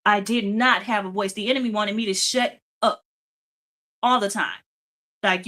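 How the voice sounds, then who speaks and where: A woman's voice: medium pitch, steady tone, normal speed, sharp tone. A woman hosting a faith-based motivational talk show, speaking emphatically and repeating phrases for emphasis. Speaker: host.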